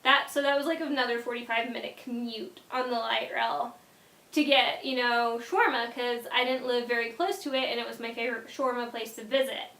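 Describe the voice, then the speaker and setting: A young woman vlogger telling a casual story in an animated way, often dropping into quiet asides. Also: a little high, brisk, echoey room.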